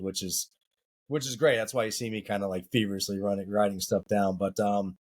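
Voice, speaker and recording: A man's voice: lowish voice, steady tone, a little fast, darkish tone. A man co-hosting a casual podcast as a soccer coach, chatty and rambling with filler words.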